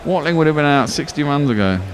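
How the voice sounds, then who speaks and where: A man giving live ball-by-ball radio cricket commentary, excitable, swearing and arguing with his co-commentator. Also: fairly high pitch, fast talker, crowd noise. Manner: excitable, swears freely, argumentative banter.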